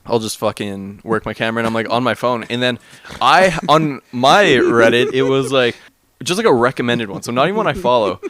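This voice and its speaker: A man's voice: medium pitch, a little fast, no echo. A man from Canada, co-hosting a stream, telling stories in casual chat, laughing and acting out sounds. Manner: animated, laughing, mimics sounds. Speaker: stream co-host.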